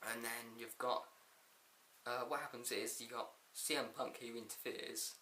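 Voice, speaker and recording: A man's voice: mid-range voice, steady tone, measured pace, bright, forceful tone, echoey room, a little hiss or hum. A man casually reviewing a wrestling show, laughing often and rambling through a recap with quoted lines.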